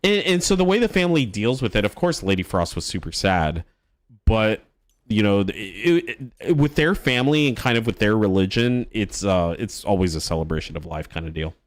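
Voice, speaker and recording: A man's voice: on the low side, expressive, normal speed, no echo. A man streaming live, telling a personal story in a rambling, casual way with restarts and swearing.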